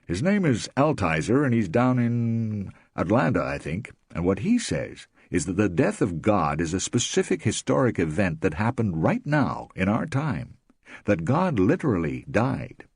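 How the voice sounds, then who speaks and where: A man's voice: lowish voice, very animated, unhurried, darkish tone, husky, no echo, clean studio sound, pitched above the performer's own voice, exaggerated voice. A man voicing an earnest young man explaining an idea.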